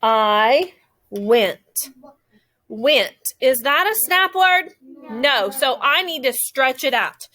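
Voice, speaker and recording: A woman teaches young children a phonics lesson, slowly stretching out the sounds of words. Her high-pitched voice is bright and forceful, with lively intonation.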